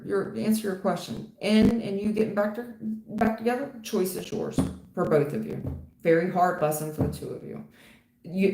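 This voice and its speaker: A woman's voice: lowish voice, darkish tone. A woman reading tarot for viewers on a livestream, blunt and casual, calling people hun and baby, laughing and swearing. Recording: roomy echo with faint noise.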